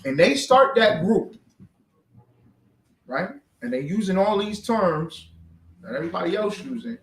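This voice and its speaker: A man leading a scripture class, animated and bantering with call and response. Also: high voice, measured pace, background noise. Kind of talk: street-preaching style scripture class. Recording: roomy echo, distant from the mic.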